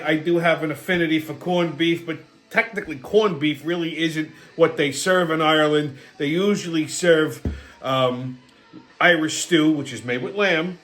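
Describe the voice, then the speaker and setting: High-voiced man ranting profanely. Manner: profane and blunt; animated, jumps between loud and quiet. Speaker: host. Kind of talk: casual ranting monologue.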